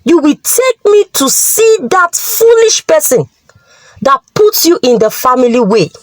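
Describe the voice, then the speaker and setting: A woman's voice: high voice, very animated, extremely slow, darkish tone, no room sound, heavily acted. A woman voicing an angry, grieving middle-aged father, scolding and wailing.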